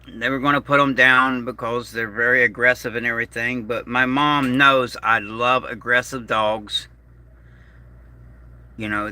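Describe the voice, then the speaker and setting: A middle-aged American man speaks slowly and haltingly, pausing often and letting sentences trail off. He sounds upset, fighting to keep his anger down. His voice is bright and sharp, and the recording is dry with no room echo. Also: medium pitch. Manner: agitated, slow and halting, trailing off. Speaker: vlogger. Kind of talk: emotional vlog monologue.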